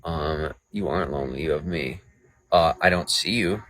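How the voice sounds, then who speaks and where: A man's voice: rumbling low, moderate pace, fairly bright tone, no echo, rough recording. A man live-streaming outdoors at night in the rain, ranting in a profane and sarcastic way to his chat. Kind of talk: late-night livestream rant.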